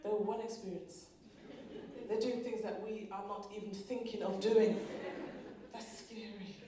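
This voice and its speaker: A woman's voice: medium pitch, measured pace, background noise. A woman performing live stand-up comedy. She tells stories with energy, acts out her family members, and talks straight to the audience. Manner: animated storytelling, acting out family members. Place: large venue with a live audience. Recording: echoey, distant live hall with loud crowd.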